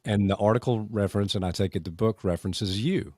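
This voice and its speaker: A man hosting a podcast, asking a guest questions in a conversational, slightly halting way. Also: fairly low pitch, mellow, dry recording, clean studio sound. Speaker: podcast host. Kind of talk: interview questions.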